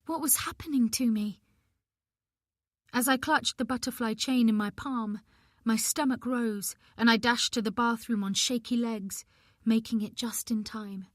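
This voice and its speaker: A woman's voice: fairly high pitch, steady tone, measured pace, no echo, clean studio sound. A woman narrating a domestic thriller in the first person, with a tense, emotional delivery. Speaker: audiobook narrator.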